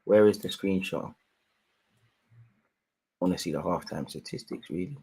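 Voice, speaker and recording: A young man hosting a live football watchalong, giving slangy running commentary and shouting at the referee in bursts. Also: deep voice, moderate pace, vocal fry, husky. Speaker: live match watchalong host.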